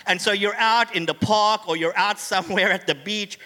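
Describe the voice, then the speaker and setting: A man in his forties delivers a light, joking sermon in a relaxed talking style. His voice sits high and sounds bright, and it rings out with a long reverb from a church hall. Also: normal speed. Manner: humorous, conversational preaching. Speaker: pastor.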